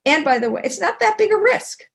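An older woman, guest author and teacher, speaks briskly in an extremely high-pitched voice during a video-call interview. Conversational and reflective, she tells anecdotes and becomes animated whenever she quotes others.

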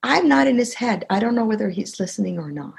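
A middle-aged woman talks through her points in an interview, her voice husky and rough with a gravelly edge. She tells stories with energy and plays out the voices of the people in them. Her pitch sits right in the middle. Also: fast talker. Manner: animated storytelling, acting out quoted dialogue. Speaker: guest, communication expert. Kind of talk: conversational interview.

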